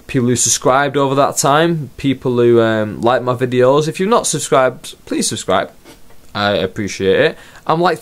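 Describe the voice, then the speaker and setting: A man giving a casual, ranting wrestling review in a video blog, swearing freely. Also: medium pitch. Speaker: wrestling vlogger.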